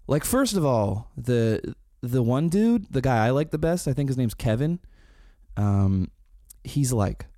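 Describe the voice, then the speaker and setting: A man in his thirties chatting casually, telling animated stories full of swearing, laughs and quoted impressions. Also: mid-range voice, dry recording, clean studio sound. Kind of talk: casual chat.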